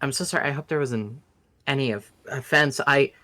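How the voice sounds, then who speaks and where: A man's voice: medium pitch, moderate pace, sharp tone, no echo, pitched above the performer's own voice, lightly acted. A man voicing a nervous young woman who stammers through flustered apologies.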